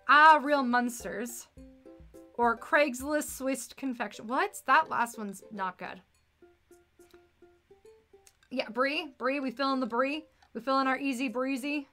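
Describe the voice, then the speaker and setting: Bright high-voiced playful woman streamer. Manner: playful and punny, chatty, rambles about food. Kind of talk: casual livestream chat while reading game text aloud.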